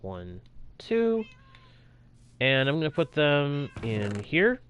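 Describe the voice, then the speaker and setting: A man's voice: fairly high pitch, wildly swooping pitch, slow pace, fairly bright tone, lo-fi sound, a little hiss or hum. A young man talking casually over his own gameplay as a streamer, reacting aloud to what happens on screen. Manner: chatty, reacts aloud while playing. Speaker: gaming streamer.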